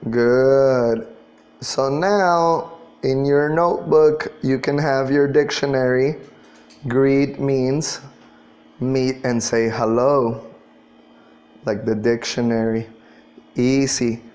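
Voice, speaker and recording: Very slow-talking male English teacher. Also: medium pitch, fairly even intonation, a little mellow. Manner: patient, drills pronunciation, spells words out. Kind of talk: classroom lesson.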